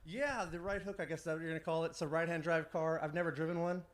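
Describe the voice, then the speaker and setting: A man's voice: fairly high pitch, fast talker. A man, a pro drift driver, talking enthusiastically in laid-back slang at a racetrack. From United States. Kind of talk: casual interview. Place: outdoors at a racetrack.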